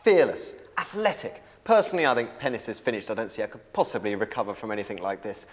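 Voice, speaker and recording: Animated, fast-talking man. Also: fairly low pitch, big-room sound. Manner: emphatic, animated. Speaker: newspaper journalist.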